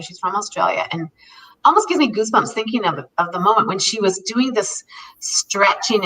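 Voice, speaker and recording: A woman's voice: medium pitch, bright, forceful tone, far from the mic, slight background noise, rough recording. A woman in her fifties, co-hosting a casual talk and telling stories in an earnest, emphatic way. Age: 50s. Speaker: co-host. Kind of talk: casual conversation about self-care.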